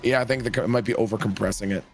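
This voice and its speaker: A man's voice: on the low side, fairly even intonation, very fast, a crowd in the background. A man playing a tabletop game over a voice call, chatting casually about audio settings, swearing and searching for words. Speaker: player.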